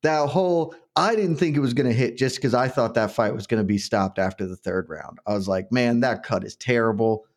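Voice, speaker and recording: A man co-hosts a sports betting podcast in casual chat. His voice sits at a middle pitch, and he tells stories with lively energy, often breaking into laughter. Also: fairly quick, hardly any pauses. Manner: animated, laughing storyteller. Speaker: podcast co-host.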